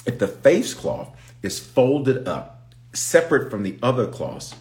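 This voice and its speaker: In an unhurried, very animated delivery, a man with a mid-range, darkish voice teaches from the Bible as a bishop on an impromptu stream. He hammers his points through repetition and pleads for attention, building in intensity.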